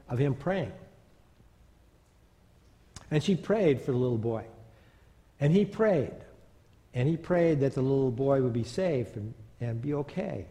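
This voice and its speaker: A man preaching as a pastor in a church, telling a story in a conversational, animated way with fillers. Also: fairly high pitch. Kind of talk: storytelling sermon. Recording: long church reverb.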